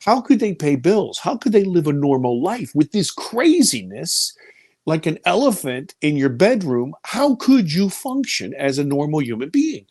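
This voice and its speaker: An animated man in his fifties recounts his story as an interview guest, his voice swinging widely and leaping up for quoted lines. He sinks low and quiet at the frightening parts. The recording is close and dry, with no room sound. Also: measured pace, no room sound. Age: 50s. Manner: animated, voice rising high for quoted speech and dropping low and quiet for fear.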